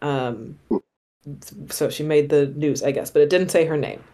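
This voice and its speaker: A woman's voice: low voice, measured pace, warm tone. A woman hosting a podcast, chatting casually and with amusement about a movie and asking questions. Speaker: podcast host. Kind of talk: casual chat.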